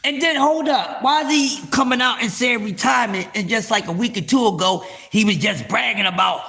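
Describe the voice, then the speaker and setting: A man's voice: sits high, brisk, few pauses, pushed and bright. A man hosting a live stream, ranting heatedly about boxing to his viewers, profane and repeating words for emphasis. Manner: speaks straight to the viewers as y'all. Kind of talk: casual boxing rant to a live audience.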